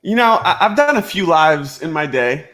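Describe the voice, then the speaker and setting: High, bright, motivational man. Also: sing-song, moderate pace. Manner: enthusiastic, motivational. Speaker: network marketing coach hosting a live stream. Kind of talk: motivational live-stream talk.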